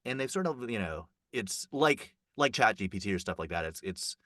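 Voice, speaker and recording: Chatty bright-voiced man, dry sound. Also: normal speed, no room sound. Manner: rambling, many fillers and restarts, pitch jumps up when excited. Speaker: festival reporter. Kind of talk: casual conversational report.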